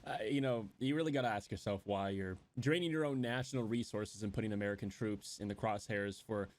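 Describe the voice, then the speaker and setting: A man's voice: lowish voice, fairly quick. A man giving earnest, somber political commentary.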